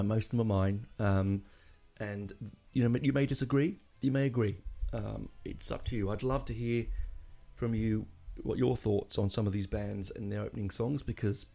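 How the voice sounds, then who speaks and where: A man hosts a solo podcast in a low, gravelly voice. He rambles through his thoughts with fillers and restarts and lets his feelings show. His tone is mellow and dark. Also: fairly even intonation, moderate pace, soft background music. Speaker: podcast host. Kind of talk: casual solo podcast talk.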